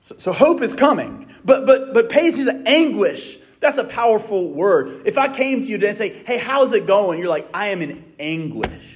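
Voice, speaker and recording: A man's voice: high voice, expressive, a little fast, few pauses. A man preaching a sermon in a conversational way, often repeating words and asking his listeners questions. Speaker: pastor.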